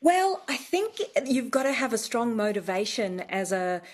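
A woman's voice: on the high side, big pitch swings, moderate pace. A woman speaking as the expert guest in a radio studio, explaining thoughtfully with a slight hesitancy.

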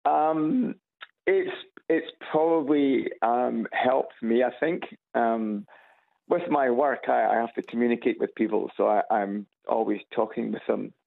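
A Scottish man calling in to a radio show on a speakerphone, speaking slowly and plainly. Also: mid-range voice, vocal fry. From Scotland. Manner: slow, deliberate, plain-spoken. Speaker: caller. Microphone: phone on loudspeaker. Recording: tinny phone line on speaker.

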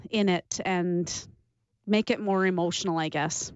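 A woman in her forties, a former athlete telling her story in an interview, warm and emotional, sometimes laughing as she remembers. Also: fairly low pitch, fairly even intonation, unhurried, clear, resonant tone, no echo. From Canada. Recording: dull lo-fi sound.

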